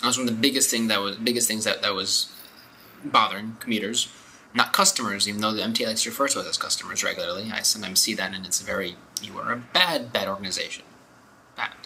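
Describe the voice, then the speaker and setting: A young man rants casually as a podcast co-host, blunt and opinionated. His voice is very bright and sharp. Faint noise hums behind him. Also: lowish voice, fairly even intonation, racing, rough recording. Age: young adult. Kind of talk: casual chat.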